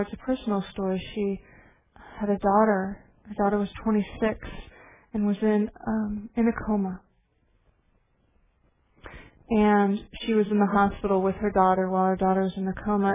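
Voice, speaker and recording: A woman meditation teacher giving a dharma talk, telling stories in a gentle, reflective way. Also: medium pitch. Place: meditation hall. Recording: tinny phone-like recording with faint hiss.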